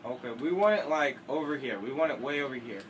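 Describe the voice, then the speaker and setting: A man's voice: mid-range voice, lively intonation, fast, dull audio. Rambling teenage boy gamer, noisy recording. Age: teens. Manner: rambling, self-correcting, jokey. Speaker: gameplay commentator. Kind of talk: casual let's-play commentary.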